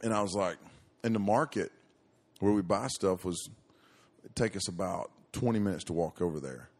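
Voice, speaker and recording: A man's voice: deep voice, normal speed, a little mellow. A middle-aged man preaching to young people, telling a story in a folksy, rambling way with many restarts and fillers.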